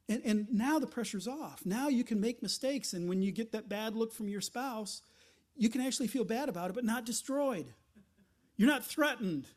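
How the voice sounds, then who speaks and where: A man delivering a sermon with a fairly high voice. He preaches conversationally, stumbling and restarting phrases, and slips into short acted-out asides as he explains his point. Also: a little mellow. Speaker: pastor.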